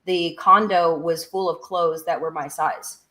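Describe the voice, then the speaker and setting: A woman guest on a podcast, telling a personal story in a lively way and acting out what others said. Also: fairly low pitch, unhurried. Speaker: podcast guest, construction business owner.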